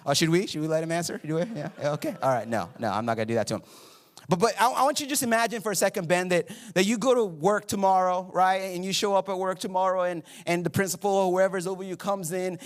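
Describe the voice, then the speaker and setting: A man's voice: sits high, a bit bright. A man preaching a sermon as pastor, playful and joking with the congregation in a church auditorium.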